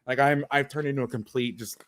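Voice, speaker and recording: A sarcastic, visibly exasperated coach picks apart each play of football film on a video call. His ordinary-pitched voice is a bit bright, fairly even in intonation, and a little fast.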